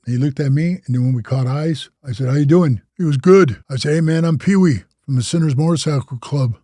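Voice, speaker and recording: Older male interview guest, rambling storyteller, husky and mellow, dry sound. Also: on the high side, a little fast, dry recording. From Wisconsin. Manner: rambling, slangy, says "bro" and "man" a lot. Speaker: interview guest, former biker club president. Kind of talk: casual storytelling.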